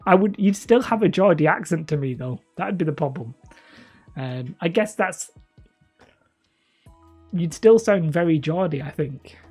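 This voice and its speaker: A man's voice: a little high, animated, measured pace, long pauses, a little mellow, husky, faint music behind. A man from northern England chatting casually with viewers as a hobby channel host, mumbly and a little whiny, rambling and self-mocking. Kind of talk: casual live-stream chat.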